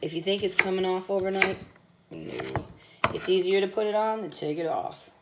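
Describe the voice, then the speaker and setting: Sick with bronchitis, this woman still rambles on in her home kitchen, blunt and chatty in a casual cooking vlog. She sounds very animated at a normal speed, her voice medium-pitched, amid heavy background noise.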